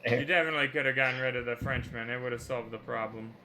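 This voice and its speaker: On a live stream with faint background noise, a man acting as game master for a tabletop game speaks fast at medium pitch. He's animated and jokey while also explaining the rules carefully.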